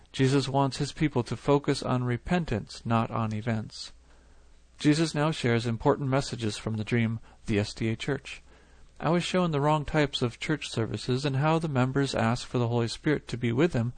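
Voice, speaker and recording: A man narrating a religious dream account in a steady, measured reading voice. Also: mid-range voice, no room sound. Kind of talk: scripted narration.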